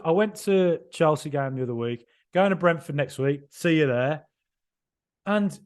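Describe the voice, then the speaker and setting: High-pitched guy on a footy podcast, hyped post-match reaction, gushing and repeating himself. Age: 30s or older. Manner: excitable, emphatic, rambling with repeats. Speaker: football podcast host.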